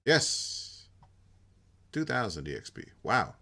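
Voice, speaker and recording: A man's voice: fairly low pitch, wildly swooping pitch, slow, creaky, bright, forceful tone. A man hosting a let's play, reading game dialogue aloud and talking through his choices in a casual, thinking-aloud way. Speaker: gaming channel host.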